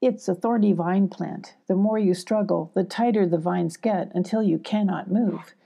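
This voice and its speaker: A woman reading the part of a calm, knowing animal guide in a storybook, explaining things plainly. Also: mid-range voice, moderate pace, gravelly.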